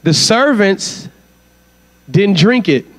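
Here a man's high, expressive voice moves at a slow pace. He is the guest preacher at a church conference, and his sermon peppers the congregation with rhetorical questions.

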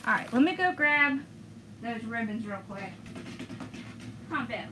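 A woman's voice: on the high side, animated, normal speed, sharp tone, a little hiss or hum. A woman hosting a crafting video, chatting enthusiastically as she talks viewers through each step. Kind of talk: casual crafting demonstration.

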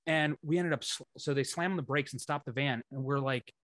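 Animated swearing man telling road stories. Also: mid-range voice, a little fast, no echo. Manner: animated storyteller, swears freely, acts out what others said. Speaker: band member telling tour stories. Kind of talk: casual podcast chat.

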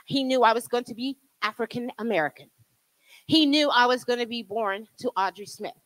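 A woman's voice: on the high side, brisk, fairly bright tone, no echo, low-quality recording. A woman in her sixties from New Jersey with a Southern accent, teaching a Bible study as an emphatic preacher who calls on the congregation. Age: 60s. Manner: emphatic preaching with laughs and audience prompts. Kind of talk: sermon. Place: church.

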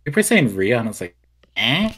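A man's voice: on the low side, big pitch swings, rapid-fire, a little hiss or hum, low-quality recording. A young man hosting a casual podcast chat, rambling along with lots of "like" fillers. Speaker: podcast host.

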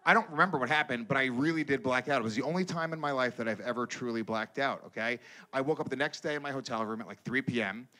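A man performing a stand-up comedy set on stage, telling a crude story in an animated way and breaking into loud impressions. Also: mid-range voice, fast talker. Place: comedy stage before a live audience.

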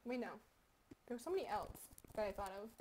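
A young woman giving casual gameplay commentary, crude and joking, with sudden loud outbursts. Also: fairly high pitch, animated, quick pace, noisy background. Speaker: gaming commentator.

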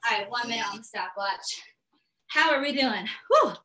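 A woman fitness instructor calls out moves and countdowns in a high, bright, energetic voice, a little out of breath. She sounds set back from the mic in an echoey room, with music playing behind her. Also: normal speed, distant mic. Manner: energetic coaching with cheers and countdowns. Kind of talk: live workout class instruction.

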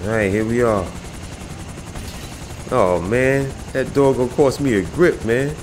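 A man's voice: medium pitch, measured pace, echoey room, noisy background. A man giving casual, slangy commentary while playing a video game, chatting to the characters on screen. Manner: laid-back, slangy, talks to game characters.

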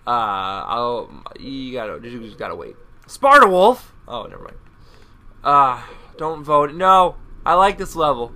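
A young man, still a student, commentating his own gameplay, yelping, shouting and swearing at the game. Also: mid-range voice, animated, unhurried. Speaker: gaming commentator. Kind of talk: casual live gameplay commentary. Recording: loud game sound under the voice. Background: shooter game sounds and gunfire.

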